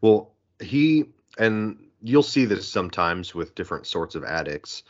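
A man with a lowish voice and measured pace talks casually and at length about a film on a podcast, animated and rambling. He acts out quotes in other voices. The recording sounds muffled.

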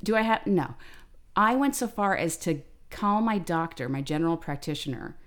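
Animated ranting woman podcast host. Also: lowish voice, moderate pace. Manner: animated, ranting, swears freely. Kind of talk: casual chat, storytelling.

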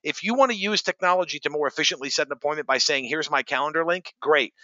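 A man's voice: on the high side, fast talker, pushed and bright, dry recording, dull audio. A man in casual podcast chat, ranting sarcastically and with fired-up energy. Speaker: sales podcast co-host.

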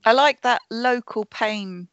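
A woman's voice: a little high, slow, a bit bright, no room sound. A woman, chatting casually and making wry jokes as a podcast co-host. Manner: wry, joking. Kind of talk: casual chat. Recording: dull lo-fi sound, dry.

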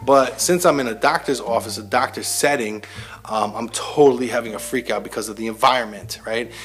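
A man's voice: mid-range voice, fairly quick, fairly bright tone, faint music behind. A man telling a personal story in a casual, heavily profane, self-mocking monologue to his listeners. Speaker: military veteran host.

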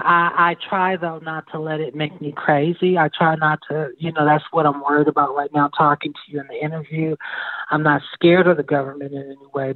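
A woman's voice: deep voice, dry recording. A woman from Baltimore, a guest in a phone interview, telling her story earnestly and rambling, often restarting her sentences. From Baltimore, United States. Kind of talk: phone interview, personal account. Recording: tinny phone line, dry.

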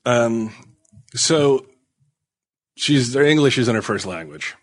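A man's voice: medium pitch, lively intonation, slow pace. A man hosting a podcast, trading crude jokes and laughing in casual chat. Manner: jokey, laughing, crude banter. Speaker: podcast host.

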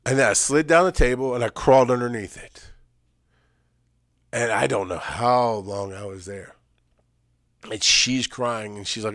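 A man telling an emotional personal story, swinging from loud, urgent emphasis to hushed, halting recall. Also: mid-range voice, expressive, no room sound, studio quality. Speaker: speaker sharing personal story.

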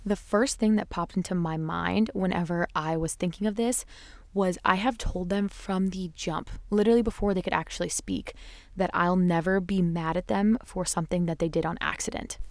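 A woman's voice: lowish voice, steady tone, moderate pace, darkish tone, no room sound. A young woman hosting a parenting show, talking candidly and casually with lots of "like" and "you know", sometimes acting out her kids' voices. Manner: acts out her children's voices in quotes. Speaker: parenting podcast host. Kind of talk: casual chat.

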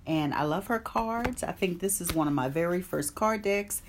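A woman's voice: on the low side, lively intonation, normal speed, slight background noise. A woman hosting an online meditation group, chatting casually, greeting viewers by name and reading from an oracle card. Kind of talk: casual live-stream chat and card reading.

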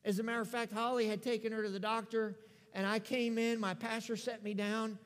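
A middle-aged American man preaching a sermon, telling a personal story with acted-out dialogue, rising loud then dropping to a hush. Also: high-pitched, fairly quick. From United States. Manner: animated storyteller, acts out dialogue, swings from loud to hushed. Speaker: pastor. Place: church sanctuary. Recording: long reverb of a large church hall.

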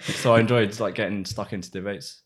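Fast-talking young man, low voice. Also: steady tone. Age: 20s. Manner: chatty, recalls events in long rambling runs. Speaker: podcast guest. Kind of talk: casual chat.

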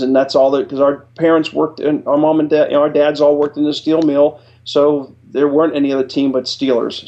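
A man's voice: on the high side, dark tone, highs cut off. A middle-aged man from Ohio, a retired Air Force chief master sergeant, telling stories as an interview guest, earnest with frequent restarts. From Ohio, USA. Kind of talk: storytelling interview answers.

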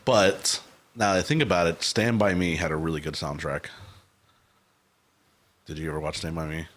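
A man in casual podcast chat, relaxed and easygoing, with a very deep voice. He takes pauses to think before he answers. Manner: easygoing, laughs often, hesitant. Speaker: podcast co-host.

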